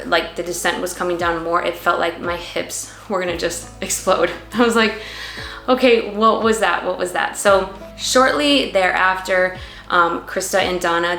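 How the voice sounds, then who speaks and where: A woman's voice: lowish voice, vocal fry, sharp tone, roomy sound. A mother in her thirties earnestly telling her birth story to the camera, emotional and full of "like" fillers.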